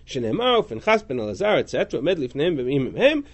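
A fast-talking man with a slightly high voice teaches a Talmud class, animatedly reading Hebrew and Aramaic phrases aloud before translating and questioning them.

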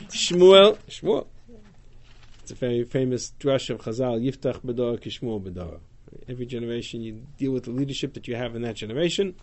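A man teaching a text-study class, reading Hebrew verses aloud and paraphrasing them in an animated way. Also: mid-range voice. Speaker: Torah teacher.

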